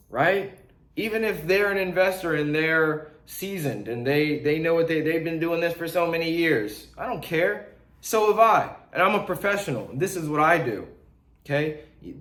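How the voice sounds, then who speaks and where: Young guy teaching real estate calls, kinda high voice, blunt and slangy, echoey room. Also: fairly bright tone. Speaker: real estate wholesaling coach. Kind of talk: casual teaching talk to camera.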